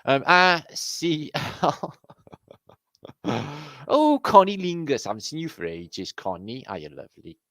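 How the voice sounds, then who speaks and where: A man's voice: fairly high pitch, wildly swooping pitch, measured pace, fairly bright tone, no room sound. A man with a Welsh accent hosting a casual livestream, greeting viewers by name with jokey, sweary banter. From Wales. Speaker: livestream host.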